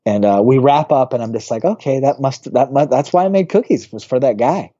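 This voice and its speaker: A pastor in his thirties tells a story with quick swings in voice, jumping up high when he acts out the people in it. His tone is mellow and a little dark. The audio is dull and lo-fi, like a basic podcast setup. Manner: animated storyteller who acts out quoted voices.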